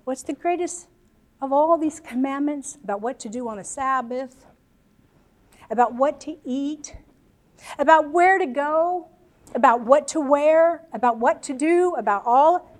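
An American woman from the United States preaches a sermon to a congregation, earnest and emotional, slipping in chatty asides. Her voice sits high and her pace is measured.

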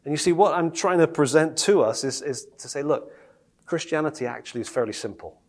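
A man preaching a sermon in a lively, conversational way, firing rhetorical questions at his listeners. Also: a little high, fairly quick.

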